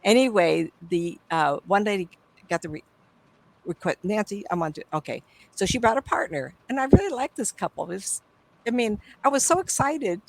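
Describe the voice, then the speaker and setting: An older woman, a psychic medium, telling stories in a casual interview, animated and acting out the people she quotes, often trailing off and starting over. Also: mid-range voice, moderate pace, creaky, low-quality recording. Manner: animated, acts out quoted voices, trails off and restarts.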